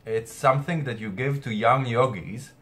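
A male astrologer gives his weekly spiritual message to camera in a slightly bright, medium-pitched voice at normal speed. He speaks earnestly but often hesitates and restarts, as if something is caught in his throat.

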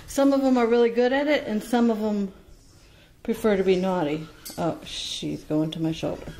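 A woman who breeds parrots, talking casually at home to viewers and cooing to her baby birds in a sing-song voice with soft laughs. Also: medium pitch, steady tone, moderate pace, slight background noise. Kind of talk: casual chat to camera and baby-talk to birds.

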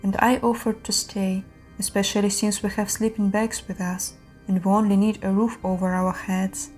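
A woman reads horror stories in a steady, measured voice. Her tone is mellow and soft-edged. Faint music plays underneath. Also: mid-range voice. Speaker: narrator. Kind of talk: scripted horror story narration.

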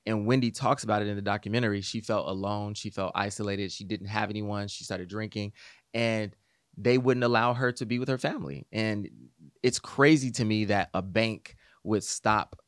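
A man co-hosting a podcast, giving earnest, measured opinions in casual talk. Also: lowish voice, dry recording, studio quality. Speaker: podcast co-host. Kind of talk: casual commentary.

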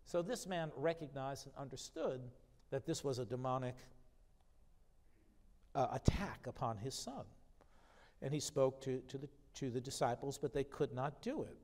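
A pastor with a mid-range, slightly mellow voice delivers a sermon at a moderate pace with lively intonation. He reads scripture aloud, building emphasis, then unpacks it in a conversational tone, his words echoing through the long reverb of a church sanctuary.

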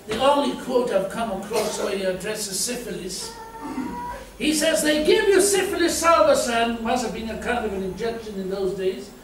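A middle-aged South African man preaches with a high, light voice, playfully acting out quotes and stories. He is picked up from far off in a big church hall with heavy echo. There is steady noise behind him. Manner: humorous, storytelling, acts out quotes. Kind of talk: sermon. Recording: echoey hall from far off, noisy.

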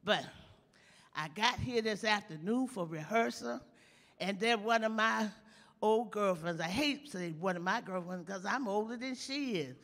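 A woman's voice: medium pitch, unhurried, fairly bright tone. An actress playing a bawdy older woman comedian, telling teasing stories in a live stage comedy monologue. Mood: gossipy. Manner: bawdy, teasing, drawls and chuckles through punchlines. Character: sassy old woman comedian, bawdy storyteller. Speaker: stand-up comic in a stage play. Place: large theater stage with audience. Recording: long reverb of a large hall.

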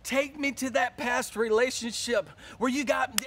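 A man with a high voice preaches a sermon. He swings from quiet, slow passages to loud shouts. He often repeats words and restarts his lines. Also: fairly even intonation. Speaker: pastor.

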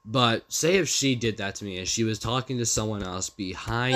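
A man's voice: lowish voice, expressive, moderate pace, hardly any pauses, a bit bright. A young man vlogging casually, rambling and repeating himself with hesitant restarts as he talks through messages. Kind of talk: casual commentary reading out text messages.

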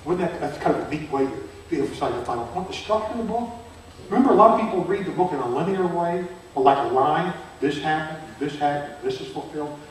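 Older teacher in an echoey church. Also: male voice, on the high side, animated, fast. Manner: conversational, asks the audience questions, grows loud and emphatic. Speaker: seminary professor leading a church seminar. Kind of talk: Bible seminar lecture. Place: church hall. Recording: very echoey hall from far off, faint noise.

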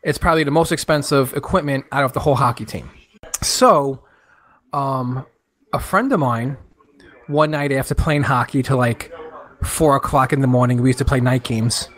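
A man in his thirties from New York, co-hosting a podcast and telling a long story with lively acted-out quotes. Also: mid-range voice, normal speed. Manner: animated, acts out quoted friends in raised voices. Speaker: podcast co-host. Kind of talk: casual storytelling chat.

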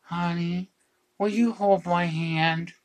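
A man's voice: sits high, steady tone, slow, voice pushed up. A man quoting his wife while she is in labor, giving her a strained, pleading voice. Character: his wife in labor, middle-aged woman.

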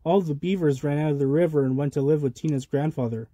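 A man reading a children's picture book aloud with a lively, rhythmic delivery of sound words. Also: a little high, quick pace, no room sound. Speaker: storybook reader. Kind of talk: children's storybook read-aloud.

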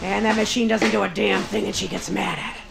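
A woman's voice: mid-range voice, fairly even intonation, fast talker, creaky, noisy background. A woman stand-up comedian doing a bawdy, brassy live routine, punchy and drawn out for the crowd. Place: nightclub stage. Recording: echoey live club recording with audience. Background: audience laughter.

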